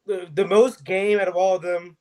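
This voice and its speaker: A man's voice: sits high, level tone, normal speed, a crowd in the background. A man chatting casually on a livestream, blunt and opinionated, swearing freely.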